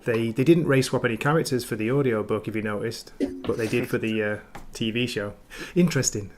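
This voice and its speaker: A man's voice: medium pitch, fairly even intonation, brisk, a little mellow, a little hiss or hum. An Englishman co-hosting a podcast in casual chat, dropping in British slang as he talks. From England. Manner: chatty, drops in British slang. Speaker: podcast co-host.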